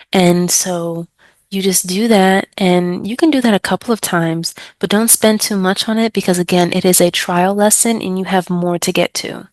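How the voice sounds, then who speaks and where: Woman, ESL tutor, slow deliberate teaching, over-enunciated words, dry close recording. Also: medium pitch, no echo. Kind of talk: teaching tips, modeling pronunciation.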